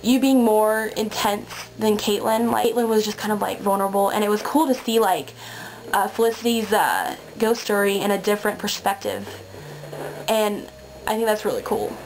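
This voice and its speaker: A woman's voice: mid-range voice, normal speed, a little hiss or hum, rough recording. A young woman giving casual, gushing feedback on contest entries, full of "like" fillers and sometimes dropping to a whisper. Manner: chatty and gushing, many "like" fillers, drops into whispers. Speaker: video contest host. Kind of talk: casual chat.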